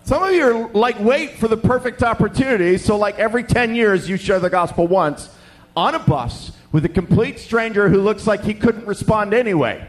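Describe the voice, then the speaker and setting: High-voiced man preaching animatedly. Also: moderate pace. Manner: animated storytelling, acts out voices. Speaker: pastor. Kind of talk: sermon.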